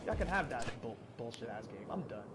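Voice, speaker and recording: A man in a frustrated, swearing rant as a gaming vlogger, muttering low and then bursting out loud. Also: lively intonation, a little fast. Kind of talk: angry rant to camera. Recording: loud background noise, vehicle sounds.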